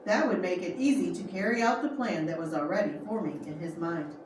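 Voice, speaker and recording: A woman reading a true story aloud as narrator, steady with small restarts. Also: lowish voice, a little fast. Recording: echoey room, far from mic, faint noise.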